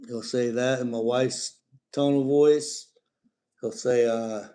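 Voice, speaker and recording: A man's voice: mid-range voice, fairly even intonation, slow, warm tone. A middle-aged man, chatting casually on a live stream about his pet parrot and breaking off to talk to the bird.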